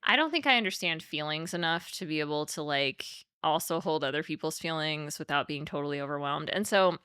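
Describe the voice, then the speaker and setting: A young woman with a low, bright voice, sharing candidly on a podcast. She speaks openly and emotionally, looping through fillers as she works out her thoughts. The sound is dry and close, her tone crisp. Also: no echo. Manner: open and emotional, quick, many "like" fillers. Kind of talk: candid conversational podcast talk.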